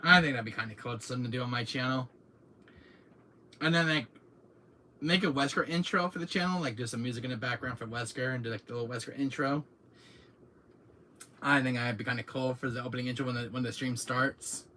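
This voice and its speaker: A man hosting his own channel, chatting casually to viewers in an excitable, rambling way, often laughing and repeating himself. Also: mid-range voice, brisk, long pauses, slight background noise. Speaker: channel host. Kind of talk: casual vlog chat to viewers. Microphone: camera mic, seated in chair.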